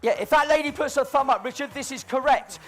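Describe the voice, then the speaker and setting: A man doing live comedy balloon modelling on stage, teasing an audience member with cheeky, mock-dramatic patter that swings between loud announcements and low asides. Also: fast, faint music behind.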